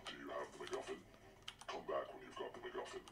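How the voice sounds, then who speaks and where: A man voicing a gruff, deadpan male game character, heard through game audio. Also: quick pace, lightly acted.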